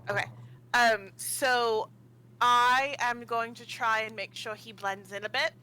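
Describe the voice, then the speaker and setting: A woman's voice: on the high side, steady tone, slow, bright, forceful tone, smooth, rough recording. A woman playing a tabletop game, hesitant and thinking aloud. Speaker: player. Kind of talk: casual tabletop play.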